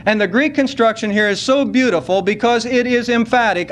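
A man preaching a sermon at a church service, earnest and unhurried, slowing down to stress key words. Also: very high-pitched, fairly bright tone. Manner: earnest, slows down to stress scripture.

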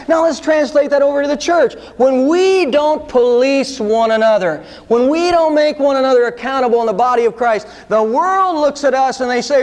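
A man's voice: very high-pitched, moderate pace, darkish tone. A male pastor preaching a sermon, earnest and direct, with pointed rhetorical questions to the congregation.

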